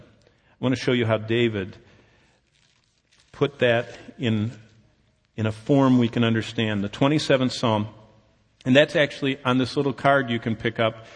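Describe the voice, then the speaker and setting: Man preaching a sermon in a hall. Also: mid-range voice. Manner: conversational storytelling, acts out dialogue. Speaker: pastor.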